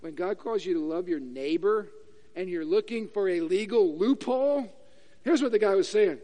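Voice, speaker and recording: Guy preaching in church, high voice, plays out little dialogues, big echoey hall. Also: normal speed. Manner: animated, acts out questions in voices. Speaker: pastor. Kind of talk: sermon. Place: church sanctuary.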